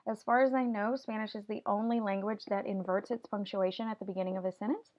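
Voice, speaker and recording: A woman's voice: medium pitch, steady tone, fast talker, highs cut off. A woman teaching a Spanish vocabulary lesson, patiently explaining each word step by step and having students repeat after her. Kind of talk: classroom video lesson.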